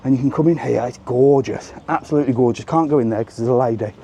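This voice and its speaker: A man's voice: medium pitch, fast talker, a little hiss or hum. A middle-aged man giving a chatty live walking tour of a hotel resort, talking to his phone camera as he goes. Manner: chatty, animated, keeps saying "look". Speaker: travel vlogger. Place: outdoors around a hotel resort.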